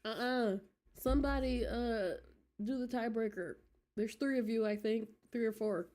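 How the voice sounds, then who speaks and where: A woman's voice: a little high, normal speed, warm tone. A woman streamer reading a game aloud, giggly and flustered, dropping into whispers as she reads.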